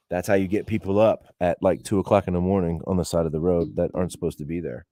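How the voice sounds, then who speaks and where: Laid-back low-voiced man rambling. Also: steady tone, a little fast, few pauses, warm tone, dry recording, clean studio sound. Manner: rambling, profane, laughing as he talks. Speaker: podcast host. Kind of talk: casual storytelling to a live audience.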